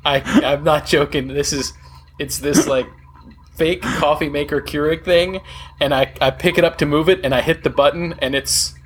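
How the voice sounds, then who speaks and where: A man co-hosting a podcast in casual chat, chatty and quick to react. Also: a little high, steady tone, a little hiss or hum. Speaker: podcast co-host.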